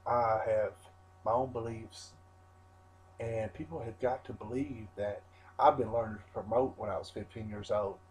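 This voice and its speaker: A man's voice: medium pitch, darkish tone, a little hiss or hum, low-quality recording. A wrestler in a rambling, defiant interview rant, swearing constantly and restarting his sentences.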